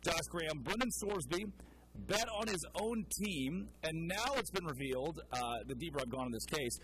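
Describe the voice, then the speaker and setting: A man's voice: a little high, noisy background. A man hosting a national sports radio show, interviewing a guest in a joking, upbeat way.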